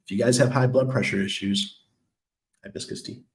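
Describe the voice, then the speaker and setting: A man's voice: medium pitch, steady tone, moderate pace. A man hosting a casual crypto livestream, reading viewer comments and answering in a loose, chatty way with lots of ums and laughs. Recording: echoey room.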